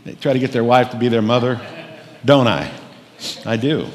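A man's voice: medium pitch, normal speed, long pauses. A middle-aged man preaching a sermon as pastor, telling stories in a folksy, joking way. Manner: folksy storytelling with jokes. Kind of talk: humorous sermon. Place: church sanctuary. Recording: long reverb of a church hall.

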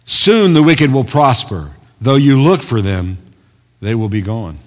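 A man preaching a sermon as pastor, swinging from loud emphatic bursts to quiet asides. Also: medium pitch, animated, a little slow. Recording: long hall reverb.

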